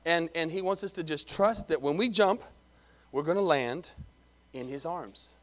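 A man's voice: on the high side, unhurried. A middle-aged man, a pastor delivering a sermon in a conversational way, often repeating himself and calling for amens.

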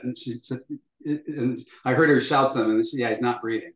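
A man's voice: medium pitch, steady tone, fairly quick. An older man recounting a story as an interview guest, acting out dialogue as he goes, with frequent fillers. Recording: roomy echo.

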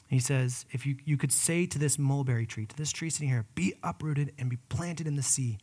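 A man preaching a sermon in an earnest, conversational way, moving between loud emphatic peaks and hushed whispers. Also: mid-range voice, fairly quick. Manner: personal, addresses listeners as guys. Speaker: pastor.

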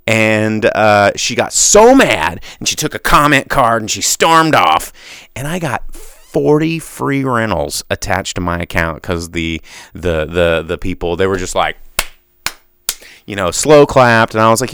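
A man's voice: medium pitch, animated, moderate pace, a bit bright, smooth, no room sound. A man hosting a solo podcast monologue, rambling passionately with many restarts and tangents. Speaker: podcast host.

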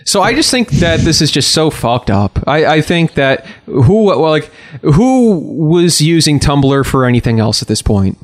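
Excitable guy co-hosting a podcast, kinda high voice that bounces around a lot, swears a bunch. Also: unhurried. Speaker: podcast co-host. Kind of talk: casual comedic chat.

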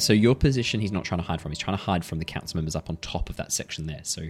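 Deep-voiced man running a tabletop game. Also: animated, very fast, faint music behind. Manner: rambling, restarts and ums while describing. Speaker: dungeon master.

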